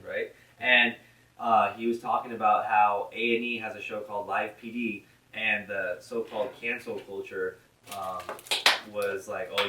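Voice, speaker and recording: Casting: bright-voiced man, blunt casual host, recorded off-mic in an echoey room. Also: on the low side, distant mic. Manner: blunt, rambling, swears freely. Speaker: podcast host. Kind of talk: casual chat. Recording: roomy echo, from off-mic.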